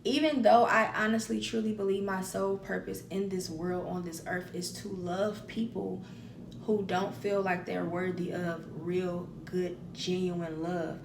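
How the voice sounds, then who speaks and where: A woman's voice: fairly low pitch, little pitch movement, measured pace, creaky, distant mic, a little hiss or hum. Candid woman on a podcast, echoey room. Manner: candid, emphatic, repeats phrases for emphasis. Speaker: podcast host. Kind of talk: personal monologue on healing.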